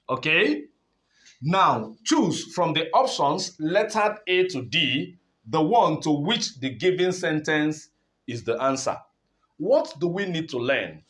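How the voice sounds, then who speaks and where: Man, online lesson, slightly high voice, repeats points, keeps asking "okay?". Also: fairly bright tone. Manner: explains step by step, repeats himself, checks in with "okay?". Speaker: English teacher. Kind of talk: online exam-prep lesson.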